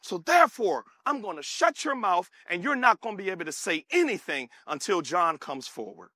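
A commanding male archangel speaks sternly and emphatically, as a preacher puts him on. The voice sits high and bright, with lively swings in pitch. It is dry and close. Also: moderate pace, dry recording, full character voice.

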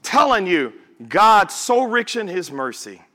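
A male pastor preaching a sermon to a congregation at a church service. He stretches words out for emphasis, breaks into sudden shouts and drops into casual asides to the listeners. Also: high voice, sing-song, unhurried.

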